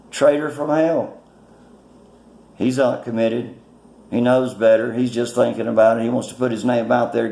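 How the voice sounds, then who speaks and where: A man's voice: medium pitch, vocal fry, a little mellow, echoey room. A man giving blunt, mocking political commentary in a casual, rambling way, full of fillers, recorded on a phone. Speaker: political vlogger.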